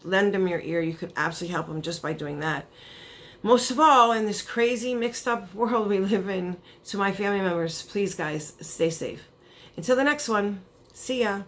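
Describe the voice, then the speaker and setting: A woman beauty vlogger unboxing a gift in a casual chat, gushing and excited, with heartfelt soft thank-yous. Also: medium pitch, moderate pace. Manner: gushing, excited, chatty with many fillers.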